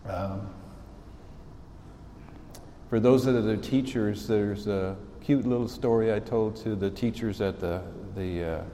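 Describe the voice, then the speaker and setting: A man's voice: lowish voice, a little slow, pauses often, slight background noise. A man in his sixties, a bishop, giving an informal talk to students, telling stories in a folksy, conversational way. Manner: folksy storytelling, warm asides. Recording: echoey hall, long reverb, faint ambience.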